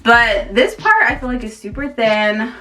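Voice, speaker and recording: A woman's voice: a little high, very animated, unhurried, sharp tone, far from the mic, faint music behind. A woman chatting casually to camera as a beauty vlogger, rambling with lots of fillers.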